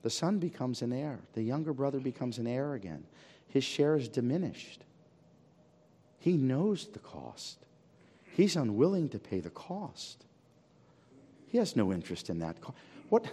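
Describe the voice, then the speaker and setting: Dramatic pastor with a ringing church reverb. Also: male voice, medium pitch, breathy edge. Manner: dramatic, swings from near-shouting to hushed; asks the congregation rhetorical questions. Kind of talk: sermon. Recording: long reverb of a church hall.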